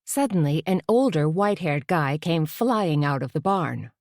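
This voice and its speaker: A woman narrating an audiobook in a steady, measured storytelling voice. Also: sits low, no room sound, clean studio sound.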